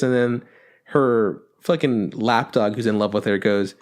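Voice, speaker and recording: A rambling, animated male podcaster. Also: medium pitch. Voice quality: swears a lot, acts out scenes in quick quoted voices. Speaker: podcast co-host. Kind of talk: casual chat.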